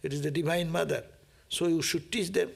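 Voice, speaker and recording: A man's voice: on the high side, steady tone, fairly quick, vocal fry, breathy edge. A man who reads from scripture and explains it in a chatty way, asking "no?" and laughing often. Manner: laughs often and acts out prayers. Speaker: monk teaching a scripture class. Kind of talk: scripture reading with commentary.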